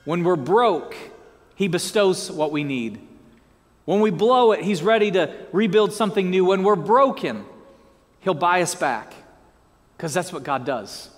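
A male pastor preaches at a measured pace in a high voice that leaps up and down, and the hall gives it a long, ringing reverb. He keeps things lively with playful, joking asides and call-and-response prompts asking the congregation to repeat key words after him.

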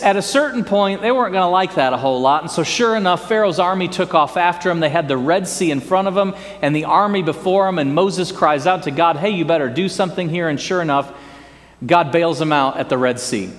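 A man preaching a sermon in an animated, folksy way, often asking his congregation questions. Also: sits high. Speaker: pastor. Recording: long hall reverb.

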